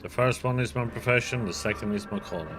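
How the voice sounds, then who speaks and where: A man voicing a determined male factory turner who organizes workers, speaking in an earnest, steady way in a video game. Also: medium pitch, fast talker, lightly acted.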